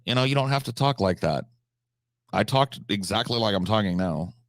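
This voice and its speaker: A man's voice: on the low side, lively intonation, normal speed, no echo, clean studio sound. A man chatting casually on a live stream, answering chat questions, swearing freely, with frequent restarts and fillers.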